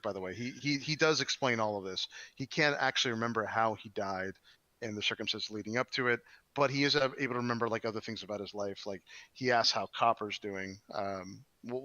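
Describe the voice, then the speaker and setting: A man's voice: medium pitch, bright, forceful tone, no echo. A man narrating as game master in a tabletop game, rambling with many fillers and restarts. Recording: dry, dull lo-fi mic.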